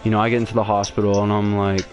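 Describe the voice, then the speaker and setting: Rapid-fire and low, with little pitch variation, a young podcast host barrels through a long personal story, casual and profane, with plenty of restarts and fillers. Faint music can be heard behind him.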